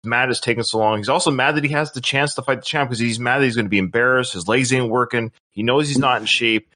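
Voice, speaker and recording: A man's voice: mid-range voice, fast talker, sharp tone. A man hosting a podcast, recapping film scenes in casual chat and acting out quotes. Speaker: podcast host.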